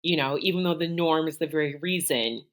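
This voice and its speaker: A woman's voice: deep voice, brisk. A woman, a podcast co-host, explaining an idea thoughtfully, step by step, in casual chat.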